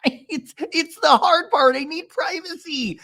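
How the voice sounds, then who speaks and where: A man doing a desperate, pleading woman in falsetto. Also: slow, bright, forceful tone, exaggerated voice. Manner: high pleading falsetto, strained. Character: desperate woman begging for bathroom privacy. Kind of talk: comic impression in a podcast recap.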